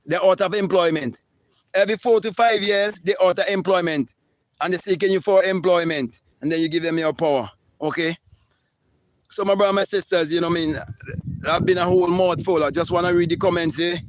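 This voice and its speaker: A man delivers an impassioned live-stream monologue as a spiritual teacher. His voice sits high, and he hammers points home, swears freely and stumbles over repeated words. The sound is close and dry, with no room echo. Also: steady tone, brisk. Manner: emphatic, preachy and profane, with repeated words.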